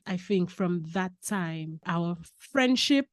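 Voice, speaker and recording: A woman from Lucia, a podcast guest telling personal stories in a lively way, laughing and repeating key phrases. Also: lowish voice, slow pace, no echo, clean studio sound. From Saint Lucia. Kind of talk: casual personal storytelling.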